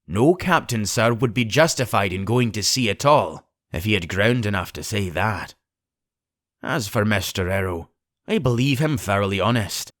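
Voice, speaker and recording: Man doing a stern, clipped sea captain for a storybook reading, lowish voice, dry close sound. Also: lively intonation, fairly bright tone, no room sound. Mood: firm. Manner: clipped, deliberate, firm. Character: stern blunt middle-aged male sea captain.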